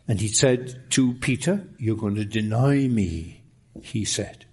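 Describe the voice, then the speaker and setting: Slow, emphatic male preacher. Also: lowish voice, expressive, breathy edge. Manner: slow, emphatic preaching with rising exclamations and dropped, hushed lines. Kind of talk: sermon.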